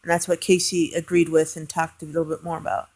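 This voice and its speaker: Woman, aunt, casual vlog storytelling; lowish voice, earnest and hesitant, with restarts. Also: level tone, fast, darkish tone. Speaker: aunt telling a family story.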